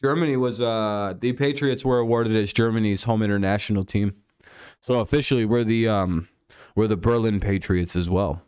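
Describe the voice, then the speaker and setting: A man's voice: lowish voice, steady tone, normal speed, darkish tone, clean tone, no echo, clean studio sound. A man hosting a casual live stream, riffing sarcastically and swearing freely. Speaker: podcast host.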